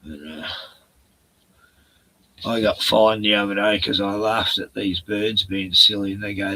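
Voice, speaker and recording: A man's voice: fairly low pitch, steady tone, normal speed, bright, forceful tone, poor audio. A man chatting on a live stream in a rambling, profane rant full of sarcastic jokes, short on sleep. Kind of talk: casual ranting chat.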